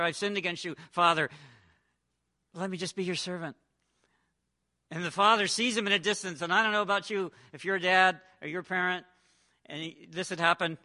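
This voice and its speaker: Guy preaching a sermon, really bright voice, a bit high, gets loud then drops to a hush. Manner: dramatic storytelling, swings from loud to hushed.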